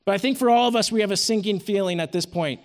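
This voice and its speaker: A man's voice: high-pitched, fast. A man in his thirties preaching at a retreat, telling a personal story in an earnest way. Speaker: retreat speaker teaching scripture. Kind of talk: sermon. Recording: long hall reverb.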